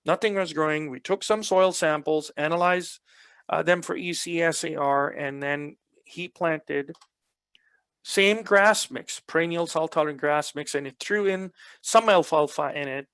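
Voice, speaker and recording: A man with a fairly high voice delivers a lecture, walking listeners through field results with patient explanation and repeated words for emphasis. The recording is dry and close, with no room sound. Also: steady tone, moderate pace, fairly bright tone, clean tone, no room sound. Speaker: soil health extension specialist. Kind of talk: presentation lecture.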